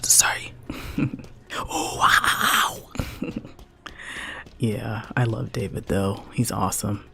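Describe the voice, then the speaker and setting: A man's voice: fairly low pitch, fairly even intonation, very slow, vocal fry, pauses often, bright, forceful tone, in a whisper. A man in his forties streaming a game, rambling in a heartfelt way and dropping "man" and "like" often. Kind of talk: casual chat while gaming.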